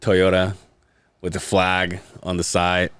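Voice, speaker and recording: A man's voice: low-pitched, monotone, takes it slowly, fairly bright tone, clean tone, dry recording. A man hosting a podcast, telling rambling, profane work stories in casual chat and laughing often. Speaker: podcast host. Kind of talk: casual storytelling.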